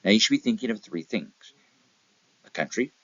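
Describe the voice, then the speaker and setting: In a dry recording with the highs cut off, a man with a lowish, animated, fairly bright voice talks at normal speed. His motivational real estate talk is full of anecdotes with acted-out little voices and repeated check-ins of "okay?"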